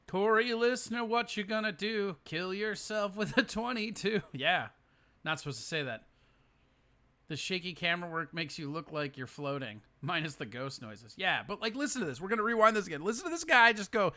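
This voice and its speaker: A man's voice: sits high, animated, moderate pace, sharp tone. A man hosting a podcast, reacting to a clip in casual, incredulous commentary, laughing and swearing often. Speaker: podcast host. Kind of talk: casual commentary on a viral video.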